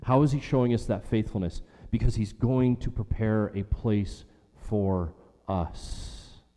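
A man preaching a sermon earnestly, repeating phrases for emphasis and slowing down on key lines. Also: lowish voice, warm tone. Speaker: pastor. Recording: long hall reverb.

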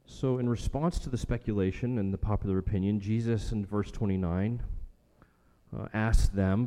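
A man's voice: on the low side, steady tone, moderate pace, mellow. A man preaching a sermon as a pastor, emphatic and rhetorical, repeating his key lines for weight. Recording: long hall reverb.

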